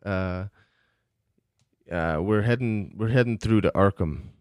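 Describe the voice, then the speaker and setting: A man playing his character in a tabletop game, speaking hesitantly with many pauses. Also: fairly low pitch, darkish tone, clear, resonant tone, no echo, clean studio sound. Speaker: player.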